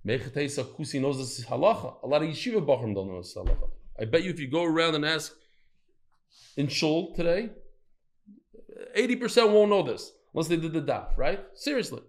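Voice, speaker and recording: Animated man teaching a Talmud class. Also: a little high, a little fast. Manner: animated, storytelling, quizzes the listeners.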